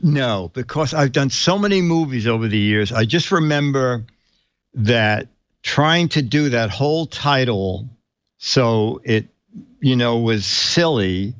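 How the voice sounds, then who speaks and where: A man hosting an interview, chatty and quick to answer with short agreements. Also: mid-range voice, animated, no echo. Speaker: host. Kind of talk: casual interview chat. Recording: dull lo-fi recording.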